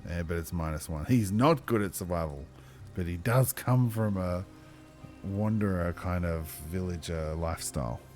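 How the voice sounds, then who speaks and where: A man running a tabletop game as game master, chatty and thinking aloud, with lively exclamations. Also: low-pitched, moderate pace, faint music behind.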